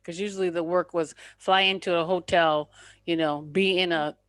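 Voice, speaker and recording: A woman's voice: lowish voice, normal speed, no room sound. A middle-aged woman from New Jersey hosting a casual chat, telling stories and laughing often. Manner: laughs often, animated storytelling. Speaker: podcast host.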